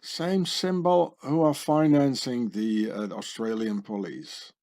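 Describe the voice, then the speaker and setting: A medium-pitched, slightly mellow voice with fairly even intonation and a measured pace belongs to a channel host doing screen-share commentary. He discusses the images sardonically and conspiratorially, often with tag questions.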